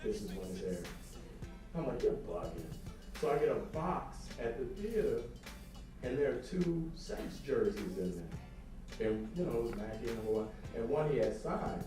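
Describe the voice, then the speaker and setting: A man from New Orleans with a New Orleans accent, telling a story as an interview guest in a lively, animated way. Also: moderate pace, far from the mic. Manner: lively, swings high when quoting others. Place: film festival event. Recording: echoey, off-mic, music behind.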